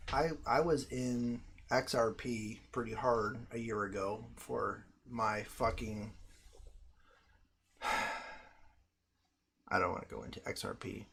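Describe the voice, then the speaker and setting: An American man hosting a casual livestream, chatting to viewers in a profane, rambling way with sudden loud outbursts. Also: mid-range voice, slight background noise. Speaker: livestream host.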